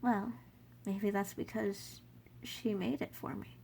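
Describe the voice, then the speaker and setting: A woman's voice: mid-range voice, steady tone, vocal fry, a little mellow, slight background noise. A woman voicing a tearful young child who pleads and stammers. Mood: shy, gentle. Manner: halting, stammering, sobbing.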